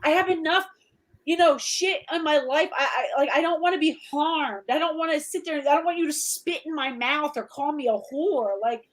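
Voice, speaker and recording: Woman, high voice, middle-aged podcast host, blunt, swears freely, animated storyteller. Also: moderate pace, rough recording. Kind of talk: casual chat.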